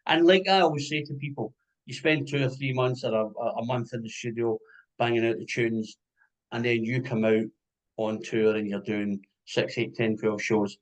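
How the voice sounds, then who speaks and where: A Scottish man hosts a relaxed band interview, talking at an ordinary mid pitch. He is an animated storyteller who drops jokes and the odd swear word. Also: normal speed, poor audio. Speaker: music interviewer. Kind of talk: casual interview chat.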